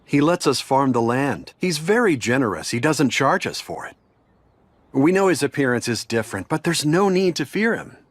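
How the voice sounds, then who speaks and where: A man's voice: medium pitch, very animated, normal speed, no room sound. A man voicing a wary villager in an anime English dub, speaking directly and suspiciously. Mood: plain. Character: wary villager man, protective of his lord. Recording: soundtrack music behind.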